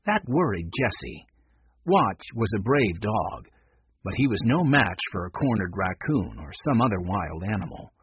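Guy reading a kids' story aloud, pitch jumps all over, husky, dry dull sound. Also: unhurried, no echo. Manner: lively expressive reading. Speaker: narrator.

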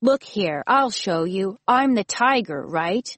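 A woman reading a storybook who voices a proud, impatient male tiger that shouts his lines. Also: mid-range voice, lively intonation, slow, no room sound. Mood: bossy.

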